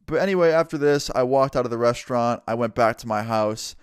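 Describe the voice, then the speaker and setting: A young man relaxes into a casual storytime vlog, his retelling lively and peppered with swearing. His voice sits at an ordinary middle pitch. The recording is close and dry, with no room sound. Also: a little fast, clear, resonant tone, no room sound. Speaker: storytime vlogger.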